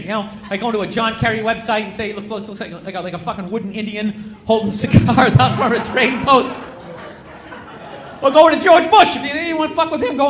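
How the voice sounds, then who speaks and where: A man doing a stand-up comedy set in front of a crowd, ranting loudly and sarcastically, often shouting. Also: high voice. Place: comedy club stage with a laughing crowd. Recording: echoey room with crowd noise.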